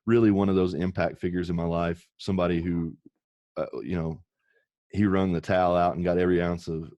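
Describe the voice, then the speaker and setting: Podcast guest, male, very low voice, earnest and emotional storyteller, dry close mic. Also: mellow, no room sound. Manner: earnest, emotional, swears casually.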